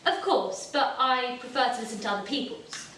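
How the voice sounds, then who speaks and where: An actress playing a calm, reserved woman who listens at a support group, speaking in a terse, even, guarded way in a stage drama. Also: fairly high pitch, normal speed, slight background noise, natural voice. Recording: echoey room, mic far off.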